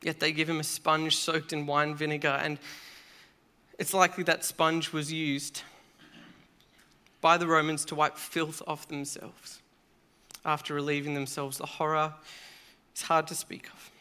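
Male preacher, fairly high, bright, earnest sermon delivery with weighty pauses. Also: flat delivery, clear, resonant tone.

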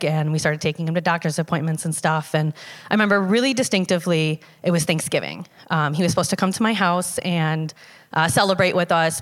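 Lower-voiced woman telling a personal story. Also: long reverb tail. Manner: conversational with many fillers and restarts. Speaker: storyteller sharing a personal testimony. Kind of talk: casual spoken personal story.

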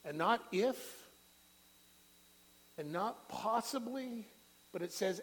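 Impassioned preaching man, fairly high voice. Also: animated, slow, long pauses, slightly rough, rough recording. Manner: impassioned, swings from loud rising peaks to quiet low prayer. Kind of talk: sermon.

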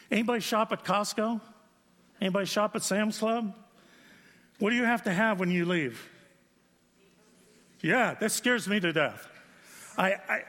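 A male pastor preaches in a fairly high voice, mixing self-deprecating stories with solemn points where he drops low and quiet. His voice carries with a long echo through a large church hall. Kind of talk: sermon.

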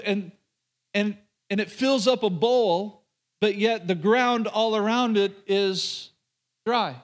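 A male pastor in the middle of a sermon, telling a story with an animated, conversational delivery. His voice sits fairly high for a man, and he speaks directly to the people listening.

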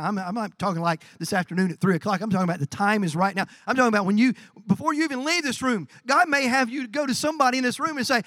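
A man preaching a sermon as pastor, building to drawn-out shouted emphasis. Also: high-pitched, lively intonation, no echo.

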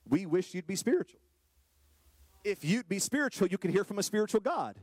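A man preaching a sermon to a congregation, firing rhetorical questions and swinging from low, quiet lines to high, drawn-out exclamations. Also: animated, no room sound. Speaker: pastor. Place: church hall with a congregation.

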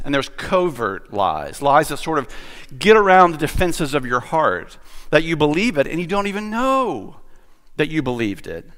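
A pastor gives a casual, conversational sermon, chatty and self-deprecating, full of fillers and restarts. His medium-pitched voice has a fairly bright tone, and the recording carries a long hall reverb.

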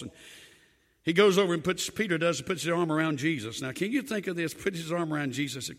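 Animated preacher in a reverberant hall. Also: male voice, on the high side, fast talker. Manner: animated storytelling, acting out biblical dialogue. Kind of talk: sermon.

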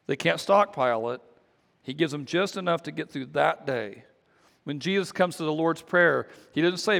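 A man, a pastor, preaching a sermon in a relaxed conversational way, often restarting and repeating his words. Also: on the high side, moderate pace, gravelly, in a large hall. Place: church sanctuary.

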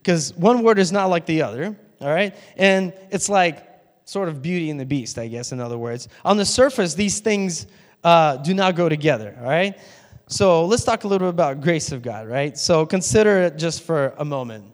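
A man's voice: fairly high pitch, animated, normal speed. Man preaching in a reverberant church hall. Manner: conversational preaching with laughs and asides to the congregation. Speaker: pastor. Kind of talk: sermon.

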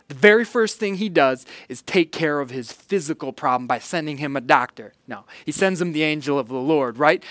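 A man, a pastor, preaching a sermon in an earnest way, his voice rising loud and falling hushed as he reads scripture and speaks to the church. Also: a little high, no echo.

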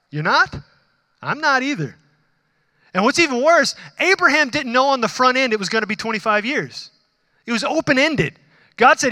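High bright-voiced pastor preaching. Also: male voice, no echo, clean studio sound, big-room sound. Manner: conversational, asks the congregation questions; acts out dialogue with God in animated bursts. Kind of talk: sermon.

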